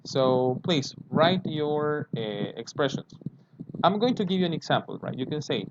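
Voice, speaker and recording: Male teacher, slow and patient, repeats each word and asks "okay?"; dull lo-fi sound with steady background noise. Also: on the high side. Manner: patient, repeats words slowly and checks understanding with "okay?". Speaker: English teacher. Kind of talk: online language lesson.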